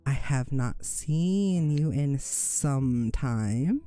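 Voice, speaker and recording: A game master voicing a calm, fanged woman healer who greets an old friend slowly. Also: medium pitch, no room sound, faint music behind. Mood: pleased.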